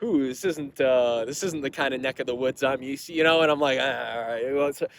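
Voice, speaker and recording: A man's voice: medium pitch, fairly quick, vocal fry, a little hiss or hum. A young man from Massachusetts telling a long, rambling story to his channel in a casual, profane way, with frequent asides and laughs. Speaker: metal vlogger.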